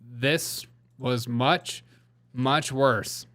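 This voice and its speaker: A man's voice: medium pitch, steady tone, drawn-out words, fairly bright tone. A man with a Southern US accent hosting a comedy news show, rambling and laughing often at his own jokes. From Southern United States. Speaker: host.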